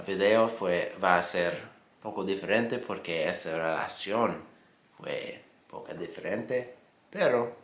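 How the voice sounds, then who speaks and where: Brief: low-voiced American male English teacher, unhurried and patient, recorded in an echoey room. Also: fairly bright tone. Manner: repeats phrases and checks in with "okay?". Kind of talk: slow, simplified teaching monologue. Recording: roomy echoing room.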